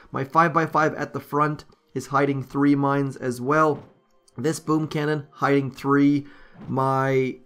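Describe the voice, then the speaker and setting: A man's voice: mid-range voice, vocal fry, a bit bright. A man giving casual commentary over his strategy game, thinking aloud with frequent ums as he walks through his base. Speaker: gaming YouTuber.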